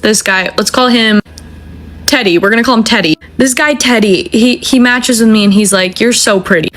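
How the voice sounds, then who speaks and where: A woman in her twenties telling a dating story, animated, profane and self-mocking. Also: a little high, normal speed. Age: 20s. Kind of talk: casual storytelling.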